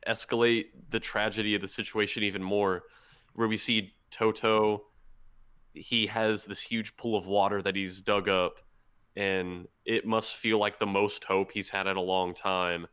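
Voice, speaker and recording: A man co-hosting a podcast, excitedly retelling a manga story in casual chat with lots of fillers. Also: fairly low pitch, unhurried, clean tone. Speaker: podcast co-host.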